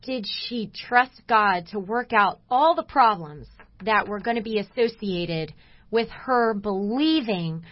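A woman's voice: mid-range voice, slow pace, no room sound, dull audio. Laughing woman radio co-host telling stories. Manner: lively, laughing storyteller. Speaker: radio show co-host, coach. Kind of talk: casual Christian radio talk, storytelling. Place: radio studio.

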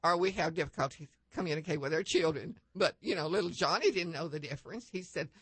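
A woman guest on a faith-based talk show, telling anecdotes with lively upward leaps in pitch and many restarts. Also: quick pace, breathy edge, no room sound. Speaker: guest panelist.

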